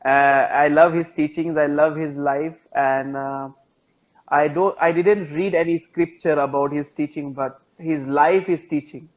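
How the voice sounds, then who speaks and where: A man with an Indian accent, a meditation teacher, gently telling a teaching story in English over a video call. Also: a little high, fairly even intonation, measured pace, phone-quality sound. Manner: gentle, repetitive, patient phrasing.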